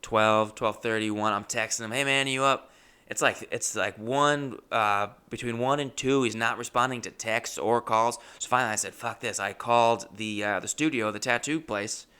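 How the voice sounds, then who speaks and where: A man's voice: on the low side, normal speed, few pauses, sharp tone, clear, resonant tone. A young man, a comedian, telling a rambling, self-mocking story that rises to frantic bursts. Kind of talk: comic storytelling.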